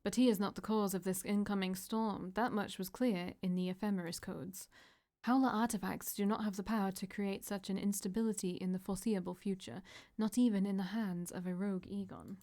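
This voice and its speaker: A woman's voice: medium pitch, brisk, natural voice. A woman doing a cold robotic oracle. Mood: solemn. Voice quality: flat synthetic-sounding delivery.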